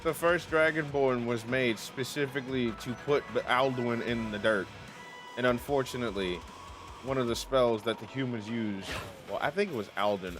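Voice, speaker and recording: A male streamer chats loosely about a game, swearing freely and getting animated. His voice sits at an ordinary mid pitch. Faint music plays underneath. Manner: animated, profane, laughing often. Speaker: streamer host. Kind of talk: casual livestream chat.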